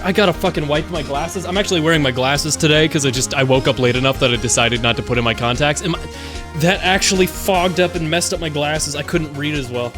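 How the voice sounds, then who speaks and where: A streamer chatting excitably and swearing while playing a courtroom game live. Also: medium pitch, fast. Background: game music.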